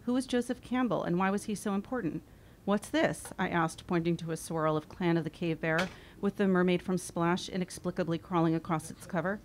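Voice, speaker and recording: A woman in her forties reading her own memoir aloud, wry and expressive. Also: lowish voice, brisk, few pauses, slight background noise. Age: 40s. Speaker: author.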